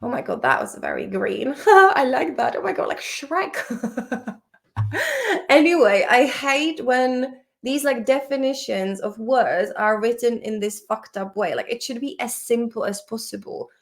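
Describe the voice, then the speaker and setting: A woman's voice: on the high side, expressive, measured pace, vocal fry. A woman teaching vocabulary in a casual, playful study-along lesson, chatting and swearing at the dictionary as she goes.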